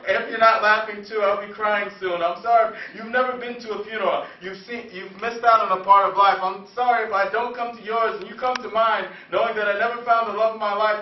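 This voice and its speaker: A man from New Jersey performing spoken word poetry in an earnest, confessional, rhythmic way. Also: high-pitched. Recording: echoey room, far from mic, dull lo-fi sound.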